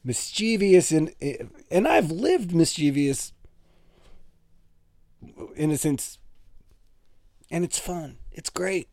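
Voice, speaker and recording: A man in his thirties hosts a solo comedic podcast with playful, rambling asides. His pitch sits mid-range but swings widely from line to line. The voice sounds close and dry, with no room around it. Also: lively intonation, takes it slowly, vocal fry, long pauses, darkish tone, no room sound. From Toronto, Canada. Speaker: podcast host.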